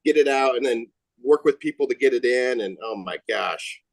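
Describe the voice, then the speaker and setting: A man's voice: medium pitch, normal speed, gravelly, no echo, poor audio. A man guest chatting casually, telling a rambling story about his past. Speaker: guest grower. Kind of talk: casual chat.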